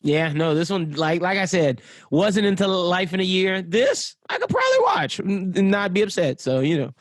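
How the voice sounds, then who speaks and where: A man's voice: high voice, sing-song, moderate pace, no room sound. A man co-hosting a podcast in casual chat, laid-back and slangy, rambling with restarts. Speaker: podcast co-host.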